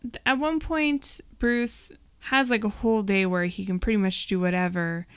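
Smooth-voiced woman podcast co-host. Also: mid-range voice, steady tone, normal speed, no room sound, studio quality. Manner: chatty, filler-heavy, wry. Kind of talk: casual movie rewatch chat.

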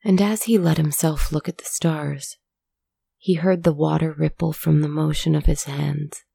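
Slow, gravelly woman storyteller. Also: deep voice, dark tone, no room sound. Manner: measured, dramatic reading. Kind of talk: story narration.

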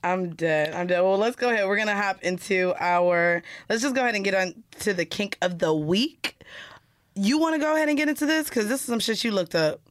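A woman's voice: medium pitch, brisk. A young woman co-hosting a podcast in casual chat, blunt and profane, with wry reactions. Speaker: podcast co-host.

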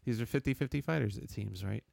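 A man co-hosting a casual sports chat, rambling and halting with lots of "uh"s and chuckles. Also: medium pitch, gravelly, a little mellow, no room sound. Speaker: podcast co-host.

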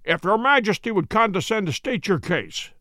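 A man's voice: high voice, big pitch swings, normal speed, bright, forceful tone, no echo, pitched above the performer's own voice, heavily acted. A man reading the part of a cool, languid detective with dry, clipped remarks.

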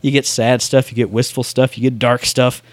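A man's voice: medium pitch, flat delivery, moderate pace, no room sound. A man rambling in casual chat about video games, with lots of filler words.

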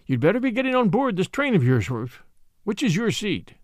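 Man reading a gruff millionaire father. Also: sits high, sing-song, brisk, no echo, studio quality, voice pushed up. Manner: plain, unemotional, folksy. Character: older American millionaire father, gruff, affectionate.

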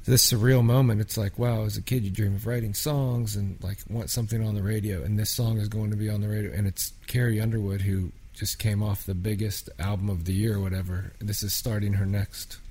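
A man from small-town Pennsylvania talks through his songwriting stories in a casual interview. His voice is a bit low and husky. He rambles, full of "like" and restarts, and grows animated when he gets into a tale. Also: fairly quick, few pauses. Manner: rambling, filler-heavy, animated anecdotes. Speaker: songwriter guest.

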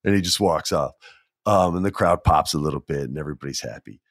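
A man's voice: extremely low pitch, fast talker, no echo, studio quality. A man hosting a podcast, telling a long story casually with rambling, joking asides. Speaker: podcast host.

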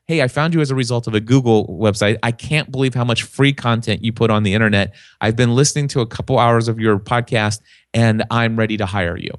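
A man talks in a lively, story-driven way, slipping into other people's voices as he makes his points. His voice sits in a middling register. The sound is dry and close, with no room around it. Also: mid-range voice, dry recording. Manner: animated storyteller, acts out quoted voices. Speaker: podcast guest, podcasting consultant. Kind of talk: casual podcast conversation.

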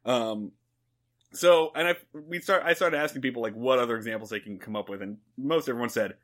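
A man's voice: mid-range voice, brisk, fairly bright tone. A man co-hosting a podcast in laid-back, profane casual chat, with plenty of fillers. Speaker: podcast co-host.

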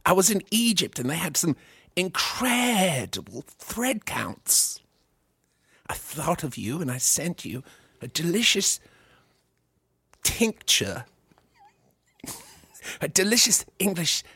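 A man's voice: a little high, bright, forceful tone, husky, no room sound, full character voice. A man doing a prim, genteel older father. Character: man's refined older father, fussy and genteel.

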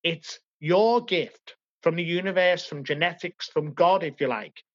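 A man's voice: a little high, fairly bright tone, no room sound. A man from Liverpool, England, telling his life story as an interview guest in an earnest, emotional, reflective way. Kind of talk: personal life story in conversation. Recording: dull, lo-fi, dry.

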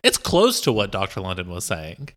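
A man's voice: sits low, wildly swooping pitch, moderate pace, a bit bright. A man co-hosting an improvised comedy bit, playful and rambling with an enthusiastic tone.

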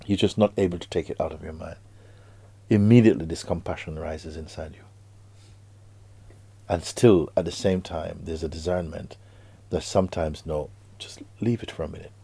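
A man giving a spiritual talk to students, slow and hushed with sudden emphatic rises, and slightly non-native grammar. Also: sits low, steady tone, vocal fry, breathy edge, dry recording. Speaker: spiritual teacher.

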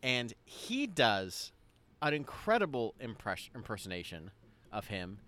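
A man in a loose podcast conversation, mid-pitched and easygoing. He rambles through his points with plenty of "you know" and "like", tossing in jokes along the way. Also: wildly swooping pitch, unhurried, fairly bright tone. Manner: rambling, jokey, with many fillers. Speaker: podcast co-host. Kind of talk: casual chat.

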